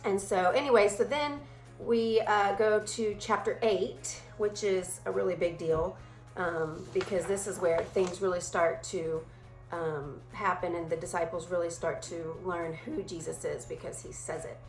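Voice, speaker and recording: A woman leading a casual Bible study, talking in a chatty, animated way and briefly acting out playful voices. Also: lowish voice, measured pace, roomy sound, faint music behind, rough recording.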